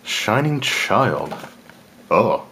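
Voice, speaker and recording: In a relaxed unboxing chat, a man with a low voice reviews game cards for his channel at an unhurried pace. He muses aloud, chuckles softly, and corrects himself along the way, while a faint hum runs underneath.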